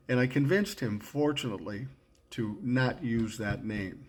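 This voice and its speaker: Blunt, profane older man telling stories. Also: a little slow. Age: 60s. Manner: blunt and profane, acting out his own past lines with rising pitch. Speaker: storyteller recalling his radio career. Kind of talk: casual spoken storytelling.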